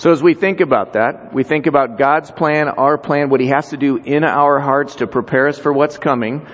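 A man's voice: fairly high pitch, normal speed. Man preaching in a reverberant hall. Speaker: pastor. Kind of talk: sermon.

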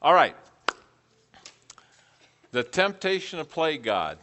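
A man's voice: fairly high pitch, big pitch swings, slow pace, sharp tone, slight background noise. A middle-aged man teaching a preaching class, putting questions to the group and repeating back their answers.

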